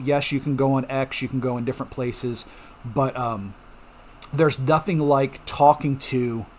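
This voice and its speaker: A middle-aged man talks casually to his viewers in an easygoing, reassuring way and keeps checking that they are following along. His voice sits at an ordinary middle pitch. A faint hiss of background noise runs under the recording. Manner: chatty, reassuring, frequent "okay?" check-ins. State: coughing at times. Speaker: home mining channel host. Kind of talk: casual explanatory talk to viewers.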